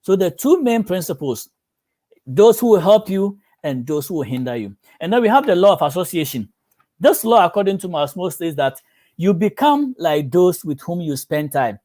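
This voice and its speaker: Preaching at a moderate pace, this pastor has a dark tone and a somewhat high male voice and is very animated. As a storyteller, he imitates the people he describes in his illustrations.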